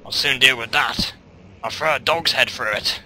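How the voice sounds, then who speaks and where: A man's voice: medium pitch, normal speed, noisy background. A young man commentating his gameplay, rambling and self-mocking, often muttering half to himself. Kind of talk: let's-play commentary. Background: game music.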